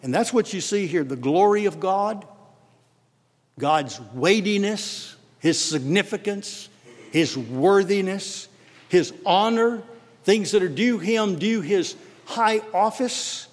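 A male pastor with a Texan accent delivers a sermon at a slow, deliberate pace. His voice sits a little high and rises hard on words he stresses. The sound carries a long hall reverb. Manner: emphatic, swelling on key words, rapid asides.

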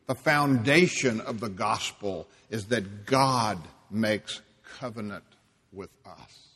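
A man preaching a sermon, emphatic, dropping to a hush and rising loud for stress. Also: lowish voice, breathy edge, in a large hall. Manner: slow, emphatic, swings between hushed and loud.

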